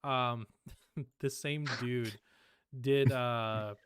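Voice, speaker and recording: A man's voice: medium pitch, steady tone, very slow, a bit bright, smooth, no echo, studio quality. A young man co-hosting a casual podcast, laid-back and laughing often as he plays clips. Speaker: podcast co-host.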